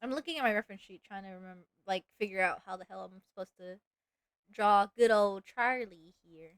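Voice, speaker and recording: A woman's voice: mid-range voice, a little fast, clear, resonant tone, no echo. A woman from East Texas with a Southern accent, chatting casually and rambling with her viewers while she draws on a live stream. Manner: rambling, chatty, asks chat questions, laughs easily.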